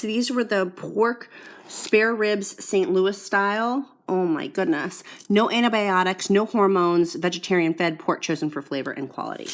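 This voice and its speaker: A woman's voice: medium pitch, measured pace. Gushing woman unboxing in an echoey room. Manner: gushing and excitable. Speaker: product review vlogger. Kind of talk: casual unboxing chat. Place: at home. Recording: echoey room with background noise.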